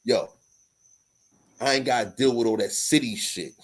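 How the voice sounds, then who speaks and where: A man's voice: medium pitch, moderate pace, breathy edge, low-quality recording. A man in his forties with a New York accent, talking in a loose, profane casual chat full of street slang.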